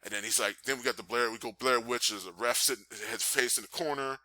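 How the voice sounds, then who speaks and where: Lively man recapping with bright, dry sound. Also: fast talker, no echo. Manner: animated storyteller, acts out scenes with high-pitched yelps. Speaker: podcast host reviewing wrestling. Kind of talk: casual recap and commentary.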